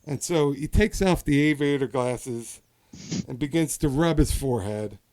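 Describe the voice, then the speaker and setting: A man's voice: mid-range voice, a little slow, a little mellow. A man hosting a podcast in casual chat, telling a hypothetical story with many restarts and asides. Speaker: podcast host.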